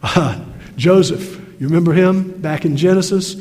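Older male preacher, fairly high voice, folksy storyteller, reverberant sanctuary. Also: moderate pace, a little mellow. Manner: folksy storytelling with self-deprecating humor. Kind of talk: sermon. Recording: long reverb of a large hall.

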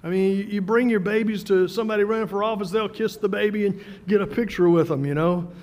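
A man preaching a sermon in a conversational way, with fillers and repeated words, slowing down for emphasis. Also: high-pitched, a little mellow. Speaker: pastor. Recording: long hall reverb.

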